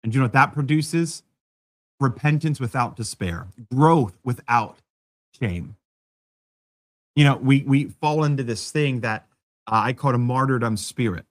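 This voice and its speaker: A man's voice: medium pitch, unhurried, long pauses. A man preaching a sermon as pastor, in a conversational style with self-deprecating humor.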